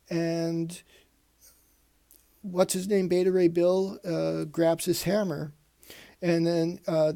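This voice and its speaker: A man's voice: a little high, vocal fry, dark tone. A man hosting a casual comic book review show, rambling and reading panels aloud in put-on voices.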